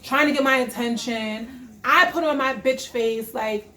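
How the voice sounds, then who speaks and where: Animated, profane young woman telling a story. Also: on the high side, a little slow, roomy sound. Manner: animated, profane, emphatic retelling. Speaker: vlogger. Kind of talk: casual storytime vlog.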